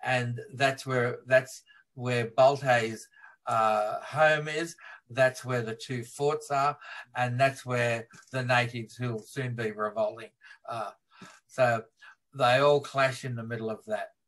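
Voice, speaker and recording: A man being interviewed as a film historian, retelling film scenes in a lively way and laughing as he talks. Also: mid-range voice, slow. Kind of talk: animated interview storytelling.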